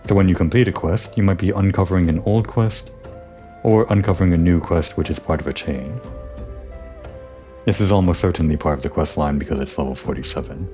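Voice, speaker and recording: A man's voice: low voice, brisk, warm tone, soft background music. A man giving casual gameplay commentary, musing and thinking aloud, correcting himself as he goes.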